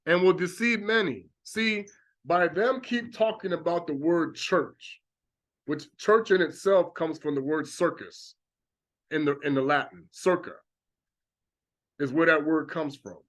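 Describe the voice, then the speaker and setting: A man's voice: fairly high pitch, a little slow, fairly bright tone. A man preaching a religious monologue, talking animatedly and acting out reactions with exclamations. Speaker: religious teacher.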